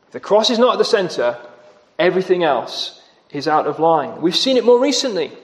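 A man preaching a sermon, emphatic, with shifts in pace and loudness for stress. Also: high-pitched, very animated, moderate pace. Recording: long reverb of a church hall.

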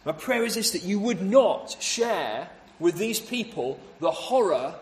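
Male preacher, high-pitched tenor, expository sermon delivery, rhetorical questions, echoey church room. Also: sing-song, a little slow, a little mellow, a little hiss or hum. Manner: expository, rhetorical questions, acts out voices of townspeople.

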